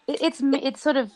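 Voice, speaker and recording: A woman's voice: high voice, a little mellow. A young woman from England whose English accent has taken on some American tones, chatting easily and giggling on a video call. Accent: English with American influence. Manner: giggly, easygoing. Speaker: guest. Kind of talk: casual video chat.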